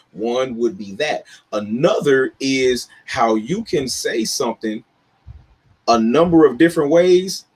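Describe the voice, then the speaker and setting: A man's voice: mid-range voice, slightly rough. A man co-hosting a casual motivational talk show, driving points home with heavy stress on words. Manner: emphatic, lectures with stressed words. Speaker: podcast co-host. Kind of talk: casual chat.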